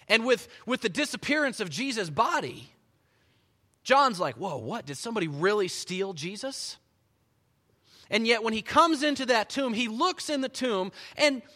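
A man preaching a sermon as pastor, telling the story with animated energy and dropping to soft, quiet stretches. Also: sits high. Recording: long hall reverb.

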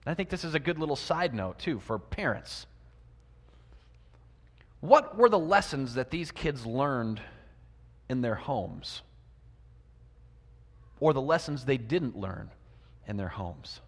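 A man preaching a sermon. He asks his listeners many rhetorical questions and swings between loud emphasis and quiet asides. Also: medium pitch, lively intonation, slow pace, pauses often. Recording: long reverb of a large hall.

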